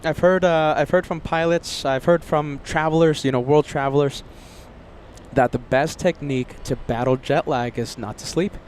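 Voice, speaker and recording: Speaking at a moderate pace in a steady, slightly high voice, a man runs a live plane spotting stream outdoors near an airport, greeting viewers by name in casual chat. He sounds sleepy and jet-lagged, and there's a little hiss or hum.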